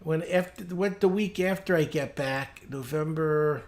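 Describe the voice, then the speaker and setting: Lady running a club meeting on a video call, chatty, bit hesitant, thinks out loud. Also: low-pitched, a little slow. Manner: informal, hesitant, checks calendar aloud.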